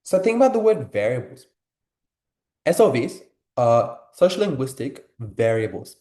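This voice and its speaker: A man's voice: medium pitch, big pitch swings, moderate pace, dark tone, reverberant. A young man tutoring a class in a casual, filler-heavy way, asking his students questions. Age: young adult. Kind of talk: live online class teaching.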